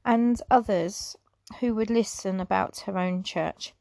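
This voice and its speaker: A woman reads an old memoir aloud at an even, middling pitch, now and then tripping over a word and going back. The sound is dry and close, with no room around it. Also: a little slow, gravelly, no room sound. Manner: stumbles over words and apologizes, reading on; unscripted asides with soft laughs. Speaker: reader.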